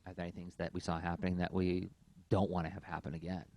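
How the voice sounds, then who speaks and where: Gravelly low-voiced man on a podcast. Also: flat delivery, fast talker, darkish tone. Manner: talks in long thoughtful runs with many fillers. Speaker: podcast co-host. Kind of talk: casual podcast conversation.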